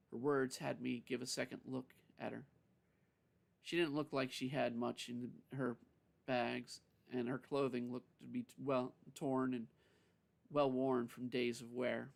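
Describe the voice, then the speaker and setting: A man reads a story aloud on a live stream, taking his time and frequently correcting himself. His voice is mid-range and creaky, with a flat delivery.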